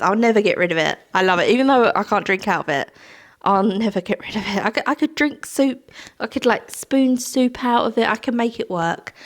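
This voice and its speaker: A young woman chatting casually to camera at home, sentimental and laughing often. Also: medium pitch. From Britain. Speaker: vlogger. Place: home, indoors.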